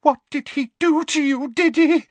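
A man voicing a fussing middle-aged housewife with a shrill, quavering voice, in an audiobook. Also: very animated, unhurried, pushed and bright, no echo, exaggerated voice. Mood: anxious coaxing.

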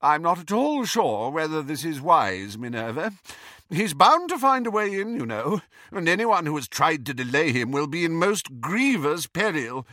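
A man's voice: a little high, sing-song, moderate pace, bright, forceful tone, no room sound, clean studio sound, pitched above the performer's own voice. A man voicing a portly older male wizard who puffs and blusters anxiously in a storybook reading. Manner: puffing, blustering.

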